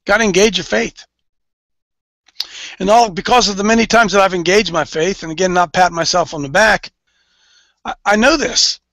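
A man's voice: high-pitched, moderate pace, long pauses, fairly bright tone, no echo, poor audio. A man leading an informal sermon for a men's group, folksy and emphatic, repeating his key phrases for weight. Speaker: men's ministry leader.

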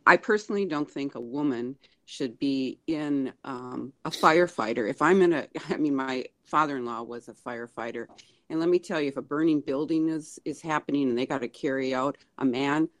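Woman caller on a talk show, halting, full of ums. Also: a bass voice, a bit bright. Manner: hesitant, lots of ums.

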